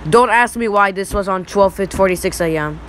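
A young male YouTuber in his teens giving rambling, excitable reaction commentary over old photos. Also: sits high, moderate pace, a little hiss or hum, rough recording. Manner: rambling, excitable, repeats "look".

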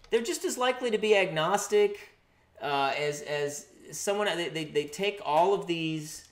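A man's voice: fairly high pitch, echoey room. A man giving a rambling, tongue-in-cheek art lesson monologue, meandering and repeating words. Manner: meandering, repeats words, sudden swoops up into a loud sing-song. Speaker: self-styled art teacher.

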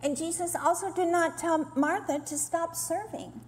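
A women's ministry speaker with a very high-pitched voice preaches at a moderate pace to a women's gathering. Earnest and instructive, she occasionally performs quoted complaints in lively voices, recorded in a roomy hall with faint ambience.

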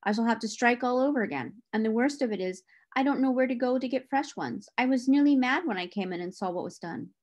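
A woman reading the part of Tom, a kindly gardener who speaks low and gentle. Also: quick pace, hardly any pauses, lightly acted. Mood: grumbling.

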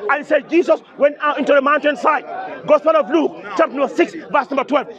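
A man's voice: very high voice, fairly even intonation, fast talker. A man debating religion at an outdoor speakers' corner, insistent and repetitive, citing verses emphatically. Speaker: street debater. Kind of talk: open-air religious debate. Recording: dull outdoor recording with crowd. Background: crowd noise.

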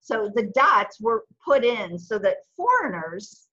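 A woman's voice: a little high, very animated, slow pace, bright, forceful tone, husky. Brief: patient female language teacher, airy voice, muffled video-call sound. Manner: patient, explains step by step. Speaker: Arabic teacher. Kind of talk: online language lesson.

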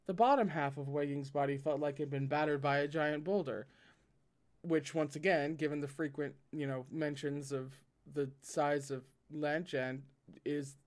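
A man's voice: fairly high pitch, darkish tone. A man reading a novel aloud with commentary, often stumbling, correcting himself and breaking off into joking asides. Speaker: reader and commentator.

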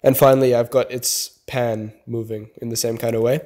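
A young man explains how he builds a beat in a laid-back tutorial voice-over, full of "kinda" and "like." His mid-range voice is dark and fairly monotone at a moderate pace, with a little hiss or hum and a faint beat beneath.

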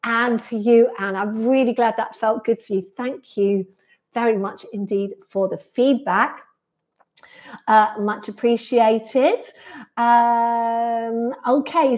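Pilates instructor, woman, slightly high voice, friendly and chatty with viewers. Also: takes it slowly, darkish tone. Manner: friendly, reads out viewer comments and replies to each. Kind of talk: chatty live-stream Q&A after class. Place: sunny room indoors.

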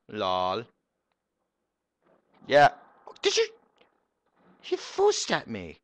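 A young man giving goofy, excitable commentary while streaming a game live. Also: fairly low pitch, slow pace, pauses often, no echo.

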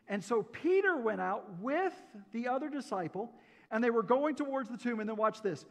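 Man, pastor, folksy sermon, high voice, church hall reverb. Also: lively intonation, moderate pace. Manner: folksy, joking, asks the congregation questions. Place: church sanctuary.

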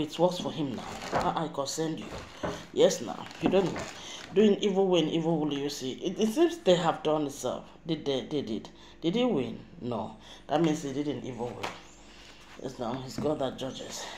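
A woman's voice: deep voice, dark tone, a little hiss or hum. A middle-aged woman with a Nigerian accent, giving an emphatic, rambling spiritual monologue to camera as a vlogger. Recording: echoey room.

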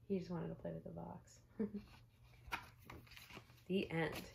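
A woman teacher reading a picture book aloud to children, expressive and stopping to ask her listeners questions. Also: fairly low pitch, slow pace, gravelly, long pauses, background noise. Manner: expressive, asks listeners questions, gasps for effect.

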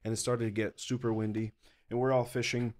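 A man's voice: mid-range voice, brisk. A man telling a rambling story as a podcast guest, swearing a lot and laughing mid-sentence. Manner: does animated voices when quoting people. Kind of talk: casual chat.

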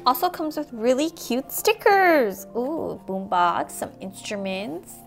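A woman with a high, lively voice chats through a toy unboxing. She is bubbly and playful and talks to herself as she goes. Faint music plays underneath. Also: slow pace, gravelly. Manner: bubbly, playful, gasps and giggles. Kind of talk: casual unboxing narration.

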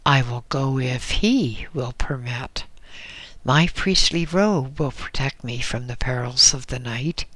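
A man voicing a thin young monk who answers quietly and earnestly. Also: medium pitch, slow pace, dry recording.

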